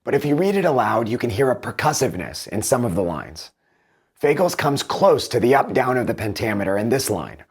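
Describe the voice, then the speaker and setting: A man hosting a video, explaining and comparing book translations in a measured, thoughtful way. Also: medium pitch, sing-song, husky. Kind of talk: explanatory commentary with read-aloud passages.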